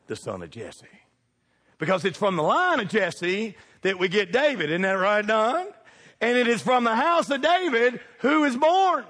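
A middle-aged man preaching a sermon, animated and throwing questions at the congregation. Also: sits high, big-room sound. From United States.

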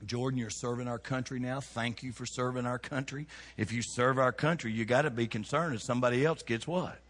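Animated pastor in a reverberant church. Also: male voice, medium pitch, brisk. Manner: folksy, animated preaching with rhetorical questions to the congregation. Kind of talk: sermon. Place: church sanctuary. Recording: long reverb of a church hall.

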